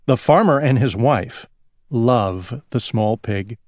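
A man reading a children's story aloud slowly for English learners, drawing words out. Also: medium pitch, no echo, studio quality. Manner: slow, lively, drawn-out reading. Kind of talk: slow storybook read-aloud.

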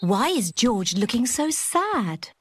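Sensible cartoon mother pig, slightly high, soft and patient. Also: very animated, slow pace, over music. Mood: gentle. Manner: gentle, patient.

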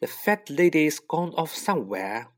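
A man voicing a brave young schoolboy who speaks sharply and in a hush. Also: on the high side, big pitch swings, unhurried, voice pushed up, exaggerated voice. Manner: sharp, hushed.

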